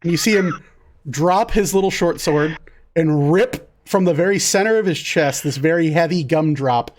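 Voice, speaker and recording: A woman narrating as the game master of a tabletop game, describing scenes calmly and in detail. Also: deep voice, moderate pace.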